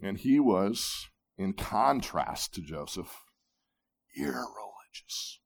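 Male pastor, sermon, deliberate pace, lively swooping pitch, emphatic pauses. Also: gravelly. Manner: slow, emphatic preaching with dramatic pauses and dropping to a near-whisper; repeats words when restarting.

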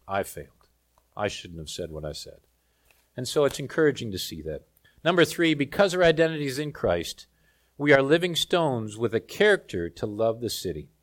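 A man from South Africa preaching a sermon, telling a lively story with humor. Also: a little high.

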